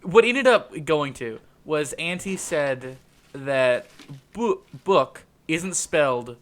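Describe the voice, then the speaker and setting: A man's voice: a little high, animated, a little slow, fairly bright tone. A young man co-hosting a podcast, chatting casually, rambling and laughing often. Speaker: podcast co-host. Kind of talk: casual chat.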